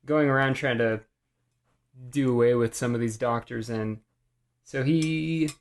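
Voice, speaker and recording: Gravelly-voiced podcast co-host. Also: male voice, medium pitch, unhurried. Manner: laid-back, joking, asks questions. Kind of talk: casual podcast chat.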